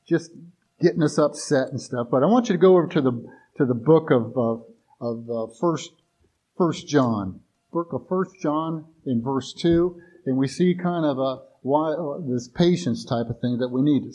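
A male pastor with a mellow, mid-range voice and a breathy edge preaches unhurriedly in a folksy, conversational style. He often restarts his sentences and slips into everyday characters' voices for quoted asides.

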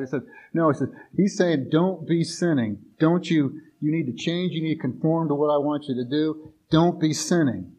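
A man's voice: fairly high pitch, normal speed, warm tone, husky, highs cut off. A male pastor preaching a sermon in a folksy, conversational way, often restarting sentences and acting out everyday voices in quoted asides.

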